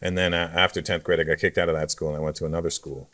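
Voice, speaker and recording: Fast-talking low-voiced man telling stories. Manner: relaxed storyteller, dry jokes. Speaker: comedian guest. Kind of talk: casual interview chat.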